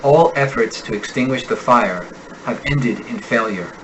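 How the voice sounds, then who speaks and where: American male accent coach, mid pitch, careful clear drill reading for a lesson. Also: fairly bright tone, a little hiss or hum, rough recording. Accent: General American. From United States. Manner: slow, deliberate enunciation of sample words. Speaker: accent instructor. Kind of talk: reading example sentences in a pronunciation lesson.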